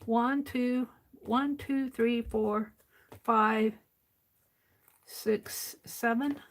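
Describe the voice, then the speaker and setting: An older woman hosting an art livestream, chatting casually to herself as she works and counting items out loud. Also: a little high, steady tone. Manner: unhurried, talks to herself while working, counts items aloud. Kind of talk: casual crafting livestream chat.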